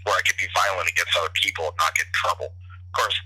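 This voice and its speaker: A man's voice: deep voice, fairly even intonation, fast, pushed and bright, breathy edge. A young man telling stories in casual, profane chat, rambling with many restarts, heard through a phone call. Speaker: podcast guest, bartender. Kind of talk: casual storytelling over the phone. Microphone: telephone. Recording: tinny phone line.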